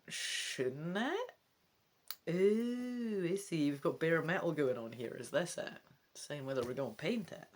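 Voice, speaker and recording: A Scottish woman reading a gamebook aloud, breaking off into cheeky, chatty asides to her viewers. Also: medium pitch. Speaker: let's play reader.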